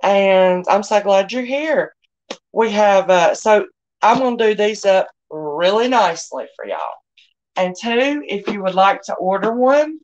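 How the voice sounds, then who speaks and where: A woman's voice: mid-range voice, lo-fi sound. A middle-aged woman, hosting a live online sale in a chatty, folksy way and greeting viewers by name. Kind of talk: casual live-stream selling chat.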